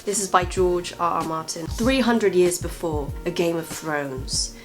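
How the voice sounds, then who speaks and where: A woman's voice: fairly low pitch, measured pace. Woman with a cold doing a British accent. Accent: put-on British English over American. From California, US. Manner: enunciated, playful. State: has a cold. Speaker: vlogger. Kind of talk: casual vlog chat, reading aloud. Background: background music.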